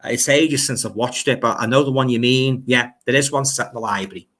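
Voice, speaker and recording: A man's voice: medium pitch, brisk, a bit bright. A man with a Liverpool accent hosting a casual livestream, reading out viewer comments and chatting in a rambling way, often repeating words as he goes.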